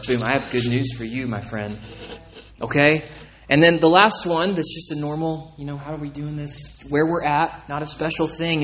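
A man's voice: mid-range voice, a bit bright, a little hiss or hum, low-quality recording. A man preaching a sermon to his congregation in a conversational way, often asking them if they agree. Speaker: pastor.

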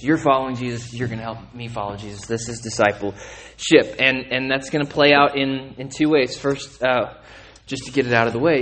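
A man preaching a sermon in a conversational way, often asking "okay?" and "right?", repeating and restarting words, and rising in pitch and volume when he gets emphatic. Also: a bit bright, slight background noise. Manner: conversational, asks listeners to check in with "okay?" and "right?". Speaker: pastor.

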